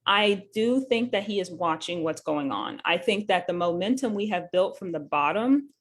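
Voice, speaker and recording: A woman's voice: on the low side, animated, moderate pace. A woman hosting a live talk show as a nurse, explaining a bill in an earnest, conversational way with many fillers and self-corrections. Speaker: host and nurse.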